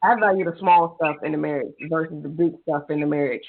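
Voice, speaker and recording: Brief: gushing, teasing woman podcast co-host, fairly low for a woman, thin phone-line audio. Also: fairly even intonation, quick pace, vocal fry. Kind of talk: casual chat. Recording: tinny phone-line sound.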